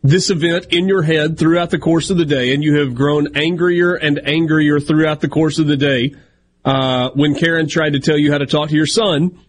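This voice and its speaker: Wry, easygoing sports radio host. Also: male voice, fairly high pitch, steady tone, normal speed. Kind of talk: radio show banter.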